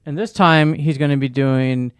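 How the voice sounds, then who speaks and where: An American man co-hosting a podcast, chatting casually in a relaxed, hesitant way with many fillers. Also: medium pitch, normal speed, clean tone, no echo, studio quality. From United States. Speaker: podcast co-host. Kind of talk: casual chat.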